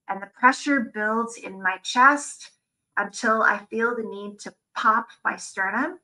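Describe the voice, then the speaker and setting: A woman's voice: fairly high pitch, unhurried, pushed and bright, low-quality recording. A woman giving a personal, matter-of-fact account as a patient advocate at a conference.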